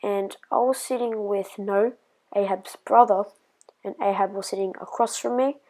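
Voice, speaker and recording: A woman's voice: mid-range voice, steady tone, normal speed, dark tone, poor audio. A woman telling a personal story in a casual vlog, rambling and hesitant with lots of fillers, sometimes dropping to a whisper.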